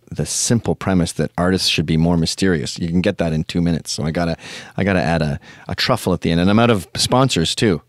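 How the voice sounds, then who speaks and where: A man hosts a podcast, spinning a rambling, profane comic story packed with tangents. His voice sits low, and the recording is clean studio quality with no echo.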